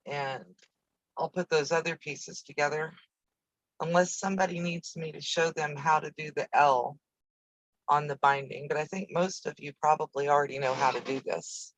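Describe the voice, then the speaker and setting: A woman's voice: deep voice, fairly even intonation, normal speed, dry recording, poor audio. A woman hosting a casual live quilting stream from her home sewing room, chatting in a rambling way with easy asides while she works, picked up by a camera on a video-call setup. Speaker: quilting channel host.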